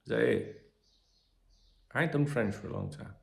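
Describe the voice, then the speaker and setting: A man's voice: medium pitch, normal speed, creaky, a little mellow. A middle-aged man hosting a football channel, reading transfer gossip in a casual, chatty way with cheeky jokes and the odd swear word. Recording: roomy echoey room.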